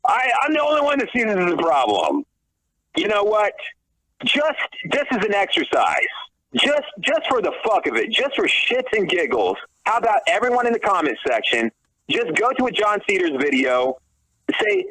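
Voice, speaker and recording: A man's voice: high-pitched, wildly swooping pitch, normal speed, bright, forceful tone, low-quality recording. A man ranting on a talk podcast, profane and sarcastic, restarting his sentences as he goes. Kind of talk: heated podcast rant.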